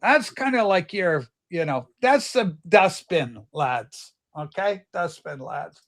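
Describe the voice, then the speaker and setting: A man's voice: high-pitched, animated, takes it slowly, fairly bright tone. A man hosting a casual livestream chat, teasing and exclaiming as he talks. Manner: exclaims "holy smokes", teasing. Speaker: livestream host. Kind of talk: casual banter.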